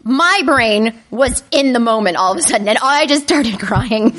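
Animated woman telling a funny story. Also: a little high, normal speed, heavy background noise. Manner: animated, self-mocking, breaks into panicked inner voices. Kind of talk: comedic personal storytelling to a live audience.

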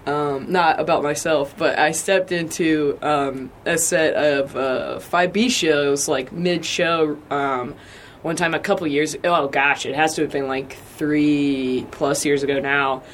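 A woman's voice: sits low, steady tone, slow pace, slight background noise. Giggly woman guest in casual chat. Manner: laughs often, chatty with hesitant fillers. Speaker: podcast guest.

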